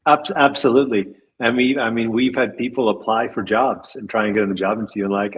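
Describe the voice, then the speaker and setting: A tech company's boss, guesting in a casual interview, speaks fast with hardly any pauses in a husky, mid-range voice and a steady tone. He is thoughtful and rambling, restarting and laughing a little, and the recording is rough.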